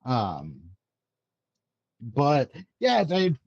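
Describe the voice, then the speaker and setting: A man's voice: medium pitch, huge pitch swings, very slow, vocal fry, a little mellow, husky, no echo, highs cut off. A young man, a former Marine, swapping profane, laughing war stories in a casual chat.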